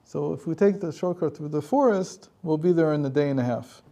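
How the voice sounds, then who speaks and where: A man's voice: a little high, brisk, mellow, close to an everyday voice. A man voicing a persuasive young male tempter who urges and coaxes. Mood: coaxing.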